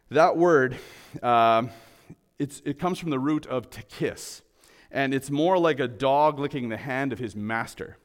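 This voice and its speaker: A man preaching a sermon, explaining a passage earnestly and conversationally with some restarts. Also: medium pitch. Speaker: pastor.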